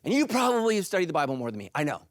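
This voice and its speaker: A middle-aged male pastor preaching a sermon in an animated, joking way, acting out little voices. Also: fairly high pitch, very fast. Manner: animated, jokey, acts out voices.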